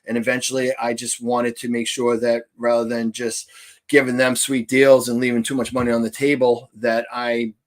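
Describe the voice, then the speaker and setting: A man's voice: medium pitch, flat delivery, normal speed. A man from New Hampshire with a thick Boston accent, talking at length as a podcast guest in a casual, rambling way. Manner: long-winded and rambling. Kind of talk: casual interview chat.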